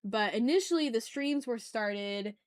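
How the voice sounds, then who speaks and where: A woman's voice: a little high, lively intonation, unhurried, clean tone. A young adult woman streaming as she draws, chatting casually and talking through each step aloud, often apologizing with a laugh at herself. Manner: apologetic, self-deprecating asides. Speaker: art streamer. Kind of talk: casual chat while drawing live.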